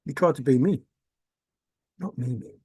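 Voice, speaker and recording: A man's voice: mid-range voice, moderate pace, dark tone, husky, no echo. Intense, repetitive man, dry sound. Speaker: video blogger. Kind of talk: rambling spiritual monologue.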